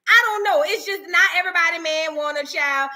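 A woman hosting a reaction video, teasing and animated, repeating lines for comic effect in casual commentary. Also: extremely high pitch, a little fast.

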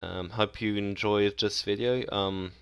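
A man's voice: fairly low pitch, steady tone, measured pace, creaky, fairly bright tone, clear, resonant tone, dry recording, studio quality. A young man talking casually and hesitantly about game maps, with many ums and restarts. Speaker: gaming video creator. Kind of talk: casual game map ranking commentary.

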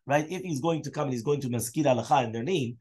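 A man teaching Talmud as a rabbi, speaking quickly at an average pitch. He explains the text line by line, mixes Hebrew and Aramaic terms into his English, and stops to quiz his students. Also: a little mellow, breathy edge. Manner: asks students questions. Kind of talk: Daf Yomi Talmud class.

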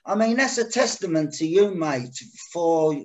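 A man's voice: high voice, lively intonation, a little slow, darkish tone. A man hosting a casual podcast interview, rambling and hesitant with lots of fillers. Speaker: podcast host.

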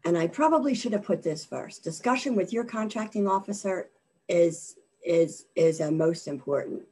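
Woman, webinar presenter, husky and low, voice worn down by allergies, hesitant delivery. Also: expressive, mellow. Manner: halting, many fillers and repeated words. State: losing her voice from allergies. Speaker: government contracting presenter.

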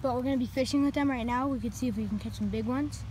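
High-pitched lady filming a fishing vlog by a lake, gets excited fast, lots of um's, noisy outdoor sound. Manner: excitable, chatty, many fillers. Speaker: fishing vlogger. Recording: outdoor noise behind the voice.

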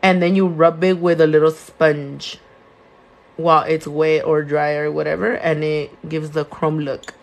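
A young woman, a nail tech who owns her own shop, talks casually on a live stream while doing nails, answering viewer questions in English sprinkled with Spanish words. Her Californian-accented voice sits low, creaky and darkish, unhurried, with little pitch movement.

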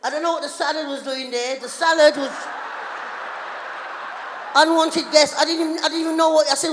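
Middle-aged female stand-up comic with a high voice, animated and loud, recorded live in a hall with a long echo. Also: normal speed, long pauses, background noise. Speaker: stand-up comedian. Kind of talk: stand-up comedy routine. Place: town hall stage.

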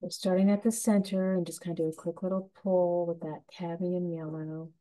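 Woman, painting instructor, low mellow voice, calm and gentle guidance. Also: rough recording. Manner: gentle, soothing, unhurried instruction. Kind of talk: step-by-step painting tutorial.

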